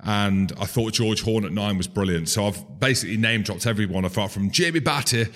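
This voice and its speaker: A low-voiced man chatting about rugby on a podcast. He talks casually and mocks himself now and then. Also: brisk, a bit bright. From Scotland. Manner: chatty, self-mocking, name-dropping. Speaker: podcast co-host.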